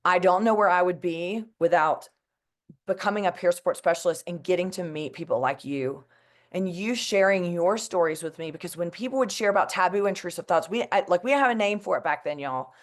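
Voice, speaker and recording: A woman's voice: fairly low pitch, brisk. Emotional woman sharing earnestly. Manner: earnest and emotional, many fillers like "like" and "you know". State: emotional, close to tears. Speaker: mental health advocate. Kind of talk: heartfelt personal talk to an audience.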